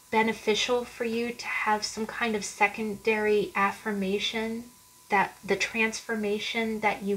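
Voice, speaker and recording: A woman's voice: a little high, fairly bright tone, rough recording. Woman tarot reader, casual earnest delivery with frequent restarts. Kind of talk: casual tarot reading to viewers.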